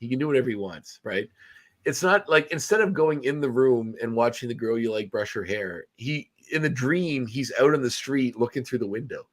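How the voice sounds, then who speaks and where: A man's voice: mid-range voice, normal speed. A man hosting a podcast, casually recapping a film with many fillers and restarts. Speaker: podcast host. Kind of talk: casual movie review chat.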